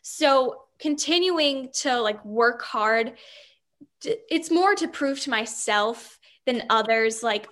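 A woman's voice: on the high side, lively intonation, slow pace, fairly bright tone. A teenage girl, a young actress, chatting upbeat and bubbly in an interview, laughing often. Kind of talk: casual interview chat.

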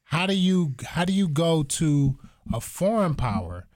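A man in casual chat, animated and rambling, swearing freely and going off on asides. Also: a little high, measured pace.

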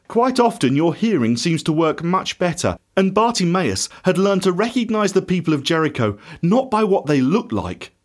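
A man narrating a children's Bible story in an expressive, animated way. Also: on the high side.

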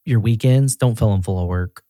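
A man with a low voice talks through leadership advice in a relaxed podcast conversation. His delivery is easygoing and conversational. The recording is dry and close, with no room echo. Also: normal speed. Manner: relaxed and conversational, often acting out quoted voices. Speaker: regional director of auto repair shops, podcast guest.

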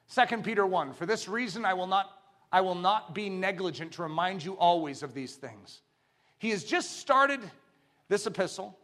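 A male preacher with a high, bright, ringing voice. He moves from loud, emphatic declarations down to hushed, intense lines and keeps putting rhetorical questions to the congregation. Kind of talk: sermon.

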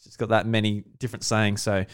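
Relaxed man with a smooth voice. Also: lowish voice, fairly quick. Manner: laid-back, chatty, trails off. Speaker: podcast co-host. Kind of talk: casual chat.

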